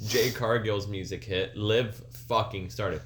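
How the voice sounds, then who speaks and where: A man's voice: lowish voice, fairly even intonation, a little slow, a little hiss or hum. A young man co-hosting a podcast in casual chat. He gives blunt, offhand opinions and swears freely. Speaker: podcast co-host.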